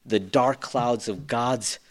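A man preaching a sermon, swinging between loud, urgent passages and hushed, near-whispered ones. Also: mid-range voice, takes it slowly. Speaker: pastor.

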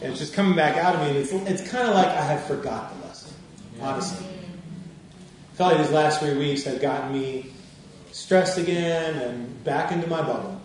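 A male minister with a fairly high voice speaks at a moderate pace, telling a personal story in his sermon in a conversational way and laughing as he goes. He is recorded from a distance in an echoey room.

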